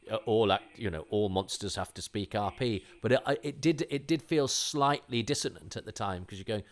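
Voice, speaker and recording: A man's voice: mid-range voice, sing-song, fairly quick, vocal fry, few pauses. A middle-aged man hosting a podcast, talking in a rambling, enthusiastic way with many restarts. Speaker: podcast host. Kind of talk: casual conversational commentary.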